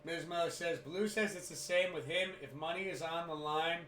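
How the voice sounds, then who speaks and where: A man co-hosting a sports podcast, telling stories in casual chat with loud excited outbursts and swearing. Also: fairly high pitch, normal speed, reverberant, a little hiss or hum. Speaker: podcast co-host.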